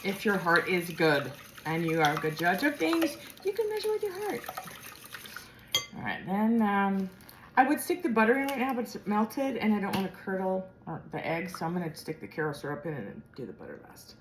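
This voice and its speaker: A woman's voice: mid-range voice, lively intonation, brisk, background noise. A woman with a General American accent, chatting casually as she cooks in her home kitchen and thinking aloud as she goes. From Midwestern or Western United States. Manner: chatty and rambling, thinking aloud while cooking. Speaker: home cook. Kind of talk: casual cooking vlog. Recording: echoey kitchen with clattering dishes.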